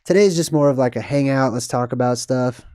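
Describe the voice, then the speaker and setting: Chatty, rambling man with a warm voice. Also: medium pitch, brisk, clean tone, no room sound, studio quality. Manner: rambling, chatty, laughs at himself. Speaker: live stream host. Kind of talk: casual live-stream chat reading comments.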